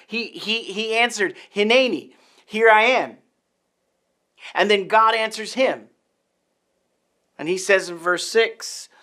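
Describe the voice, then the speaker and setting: A man's voice: high-pitched, bright, forceful tone. A man preaching a sermon, teaching earnestly and restarting his phrases. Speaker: pastor.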